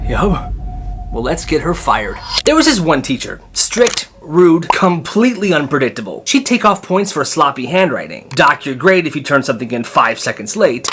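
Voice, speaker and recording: A young man narrating storytime clips in a chatty, animated way, with quick asides to the listener. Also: fairly high pitch. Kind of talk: storytime narration for short videos.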